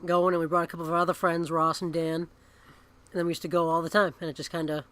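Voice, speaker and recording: Man, Boston accent, higher voice, dry teasing co-host. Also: little pitch movement, quick pace, a bit bright, clean tone. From Boston area. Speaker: podcast co-host. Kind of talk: casual chat.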